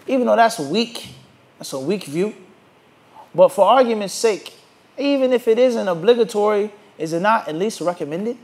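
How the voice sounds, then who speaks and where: A man with a fairly high voice gives a religious lecture to a class. He keeps pausing to ask the students to finish his sentences. He turns animated when he mocks the views he argues against. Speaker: Islamic teacher.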